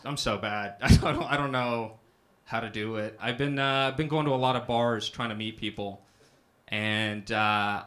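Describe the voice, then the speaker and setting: A young man performs self-deprecating stand-up for a live comedy club audience, his medium-pitched voice pushed and bright. He frequently follows his punchlines with "right?"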